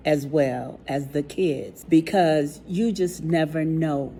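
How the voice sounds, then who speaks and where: A woman's voice: low voice, slow, a little hiss or hum. A woman, a kid life coach telling stories casually and acting out the voices of the people in them. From Chicago. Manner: animated storytelling, acts out quoted voices. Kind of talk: casual talk to camera.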